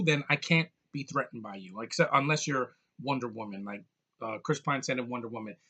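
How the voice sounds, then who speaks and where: Male reviewer, casual monologue, bright voice, blunt and jokey, rambles with fillers. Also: medium pitch, a little fast. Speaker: movie reviewer.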